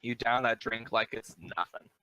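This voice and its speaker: A man serving as dungeon master, narrating a tabletop session with a bright, forceful edge to his voice. His delivery is easygoing and loose, sprinkled with little fillers. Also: fairly low pitch, normal speed, smooth, no room sound, highs cut off. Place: home setup, streamed live.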